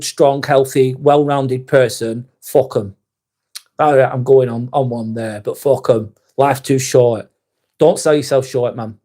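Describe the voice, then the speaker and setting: A man's voice: mid-range voice, darkish tone. A man hosting a live stream, reading viewers' chat aloud and answering in a blunt, casual way with plenty of swearing. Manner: blunt, swears freely, reads comments aloud and answers them.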